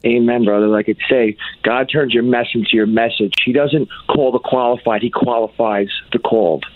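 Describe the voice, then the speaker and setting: A man's voice: medium pitch, steady tone, normal speed, dry recording. A man calls into a radio show and gives an earnest, motivational testimony. The line is thin and tinny, and his voice sounds dry and close. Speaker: guest. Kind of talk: talk radio interview. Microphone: phone call.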